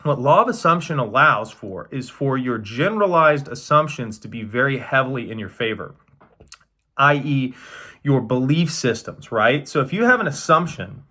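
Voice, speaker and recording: A man's voice: mid-range voice, expressive, moderate pace, pushed and bright. A man coaching on metaphysics in a casual lecture, emphatic and repetitive, checking in with "right?" and swearing now and then. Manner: emphatic, repeats phrases, says "right?" often.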